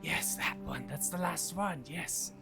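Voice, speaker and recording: A man voicing a hulking, tusked green monster who bickers in a high, whiny voice, with music playing behind. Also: measured pace, creaky. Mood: squabbling. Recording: background music.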